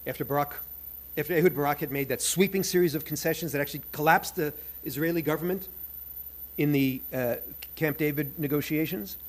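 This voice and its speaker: A man's voice: on the high side, brisk. An older man from New York with a New York accent, giving a humorous storytelling lecture as a professor at a conference. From United States. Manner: animated, humorous, wry asides.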